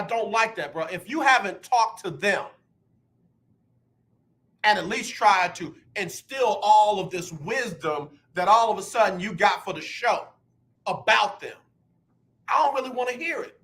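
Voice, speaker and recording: Radio host, man in his sixties, high bright voice, emphatic and heated sports talk. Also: unhurried. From United States. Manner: emphatic, repeats words when fired up.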